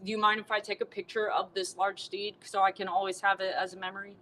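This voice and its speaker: A woman's voice: mid-range voice, little pitch movement, fast, fairly bright tone, a little hiss or hum, natural voice, rough recording. A woman voicing an earnest, polite male cowboy who uses folksy exclamations.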